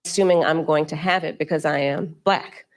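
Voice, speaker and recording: Low-voiced woman politician answering questions. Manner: measured, speech-like, steady delivery. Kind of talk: formal panel interview answers.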